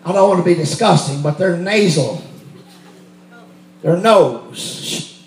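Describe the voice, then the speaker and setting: A man preaching a testimony sermon, telling a story and building to shouts. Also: high-pitched, expressive, slow, echoey room. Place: church sanctuary.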